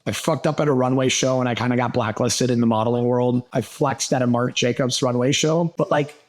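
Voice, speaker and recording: Male podcast guest from Milwaukee, mid-pitched, casual and profane, animated raconteur who voices the people in his stories. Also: brisk. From Milwaukee, USA. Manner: animated, acts out quoted people, swears freely. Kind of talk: casual storytelling.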